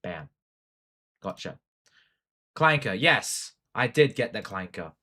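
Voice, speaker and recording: A young Australian man chatting casually with his viewers while playing a game on a live stream, rambling, swearing and getting excited. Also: fairly low pitch, slow. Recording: music playing behind the voice.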